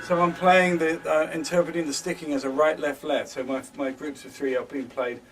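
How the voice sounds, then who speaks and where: Male drum tutor talking through exercises, hesitant and halting, recorded at a distance over drums. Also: on the high side, flat delivery, over music. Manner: hesitant, many fillers and restarts. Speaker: drum teacher. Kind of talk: instructional drum lesson, counting beats aloud. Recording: distant mic with loud drums and metronome.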